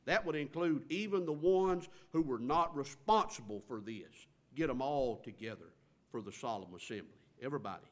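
A man's voice: mid-range voice, animated, moderate pace. A male pastor, preaching a sermon in a church with rhetorical questions and rising emphasis. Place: church sanctuary.

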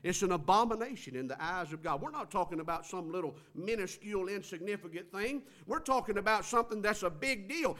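Preacher man, bright forceful voice, goes loud then drops way down, stretches words out. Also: sits high. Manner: dramatic swings from loud emphasis to quiet, drawn-out words. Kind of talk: sermon.

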